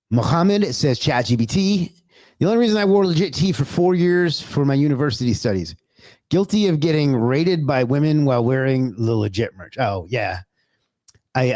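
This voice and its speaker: This livestream host is a man with a mid-range, darkish voice, recorded with no room sound. He greets his viewers by name, keeps the conversation loose and chatty, drops the odd curse, and talks to himself.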